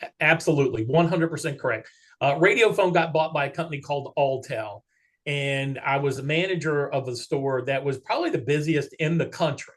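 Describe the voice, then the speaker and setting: Animated male storyteller, fairly high voice. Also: a little fast. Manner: animated storyteller who acts out quoted dialogue. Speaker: guest, regional vice president of an auto parts chain. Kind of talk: casual interview storytelling.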